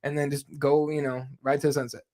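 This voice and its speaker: A man co-hosting a fight podcast in casual chat, swearing freely and telling animated stories. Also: fairly high pitch, quick pace. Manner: animated storyteller, swears a lot, laughs at own stories. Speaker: MMA podcast co-host. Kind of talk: casual profane chat, reading viewer comments.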